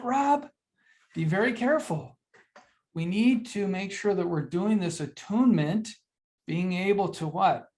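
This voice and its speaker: An older presenter giving an earnest, conversational webinar lecture, often posing rhetorical questions to the audience and answering them. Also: medium pitch. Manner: teaching with frequent rhetorical questions; earnest and conversational, addresses listeners directly. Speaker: webinar presenter on mental health.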